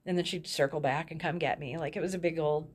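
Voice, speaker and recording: A woman's voice: low voice, fairly even intonation, quick pace, husky. A woman frankly telling her own life story as a guest, often laughing in the middle of her sentences. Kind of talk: candid personal storytelling.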